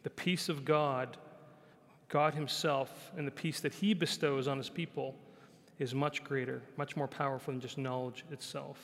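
A male pastor preaching a conversational sermon. He repeats phrases, often asks "right?", and sometimes drops to a soft, quiet voice. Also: mid-range voice, fairly even intonation, normal speed. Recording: long hall reverb.

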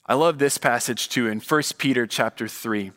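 A man in his thirties preaching a sermon as a pastor, earnest and emphatic, with deliberate pauses between key words. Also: mid-range voice, fairly bright tone, in a large hall. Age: 30s.

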